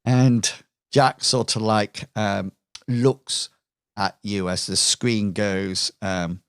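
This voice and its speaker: A man narrating a tabletop game as game master, telling the scene in a relaxed storytelling way with fillers. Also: fairly low pitch, extremely slow, clean tone, dry recording, studio quality.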